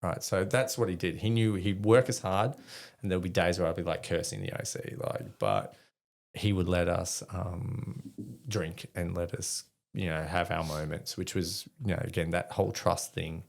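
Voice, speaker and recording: A man's voice: low-pitched, moderate pace, gravelly. An Australian man, a podcast guest, telling rambling, swear-filled stories in casual chat. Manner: swears freely, rambling anecdotes with quoted dialogue. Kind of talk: casual storytelling.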